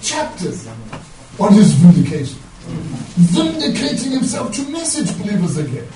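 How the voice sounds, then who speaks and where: High-voiced man preaching a fervent sermon. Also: wildly swooping pitch, normal speed, dark tone, slight background noise. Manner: impassioned, rhetorical, checks in with 'yeah?'. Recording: echoey room from far off, music underneath. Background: music.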